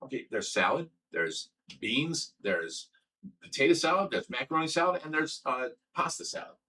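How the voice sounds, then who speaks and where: Blunt rambling man, bright voice. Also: medium pitch, big pitch swings, normal speed. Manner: blunt, rambling, reads chat comments aloud. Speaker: livestream host. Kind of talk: casual livestream chat. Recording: from a distance with faint background noise.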